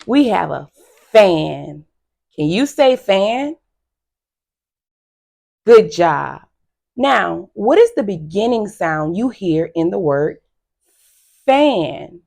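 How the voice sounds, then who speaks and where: A woman teacher giving a phonics lesson to young children, slow and encouraging with frequent praise. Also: mid-range voice, sing-song, creaky, mellow.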